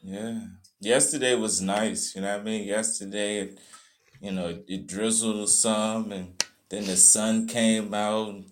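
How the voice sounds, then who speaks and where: A man's voice: on the low side, fairly even intonation, unhurried. A man joining a casual podcast as a guest from a bathroom, telling stories in a loose, profane way.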